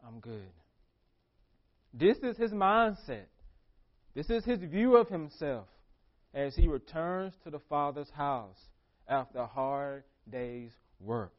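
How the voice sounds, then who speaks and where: High-voiced preaching man, lo-fi audio. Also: lively intonation, takes it slowly, pauses often. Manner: preaching with repeated phrases and acted-out questions. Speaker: pastor. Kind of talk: sermon.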